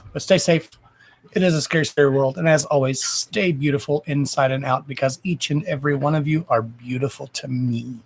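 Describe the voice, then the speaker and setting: A man hosting a psychic-medium livestream from home, wrapping up in a chatty, blunt way with some swearing and a lot of affection for his viewers. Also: medium pitch. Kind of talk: casual livestream sign-off chat. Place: at home, indoors. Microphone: camera microphone on a livestream. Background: a dog and faint noise.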